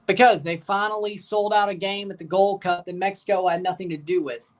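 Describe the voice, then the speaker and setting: A woman's voice: mid-range voice, fairly even intonation, brisk, distant mic. Woman streamer reacting live to a soccer match, chatty, short play calls. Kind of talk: casual live match commentary.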